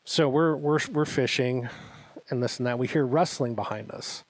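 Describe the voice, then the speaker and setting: A man co-hosting a podcast, telling a long anecdote in a casual, animated way and acting out what everyone said. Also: medium pitch, normal speed, no room sound. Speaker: podcast co-host. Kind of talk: casual storytelling chat.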